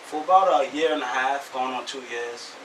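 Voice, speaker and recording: Laid-back comedian guest from the Bronx. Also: male voice, medium pitch, normal speed, fairly bright tone, echoey room, distant mic, a little hiss or hum, rough recording. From the Bronx, New York. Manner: short laid-back answers. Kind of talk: casual interview.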